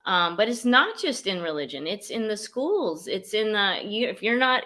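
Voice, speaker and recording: A woman's voice: mid-range voice, very animated, normal speed, hardly any pauses, pushed and bright. A woman, a life coach and guest, speaking frankly and emphatically over a video call. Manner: frank, emphatic, says "run" as advice. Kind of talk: casual video-call chat.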